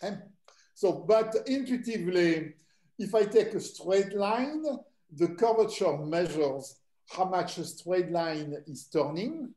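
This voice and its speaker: An older man from southern France with a French accent, a mathematics professor lecturing to students in a relaxed, hesitant way full of fillers. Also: high voice, slow pace. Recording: echoey room.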